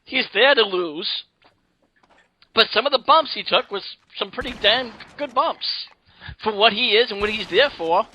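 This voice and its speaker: A man's voice: sits high, lively intonation, normal speed, pushed and bright, poor audio. A man co-hosting a casual wrestling review chat, earnest and stammering through his opinions. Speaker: co-host.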